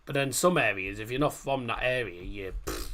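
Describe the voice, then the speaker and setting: Male streamer, casual and rambling, reads out comments, average pitch. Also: normal speed, bright, forceful tone. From Middlesbrough, England. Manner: rambling, chatty, frequent fillers and restarts. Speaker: livestream host. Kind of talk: casual chat reading live comments.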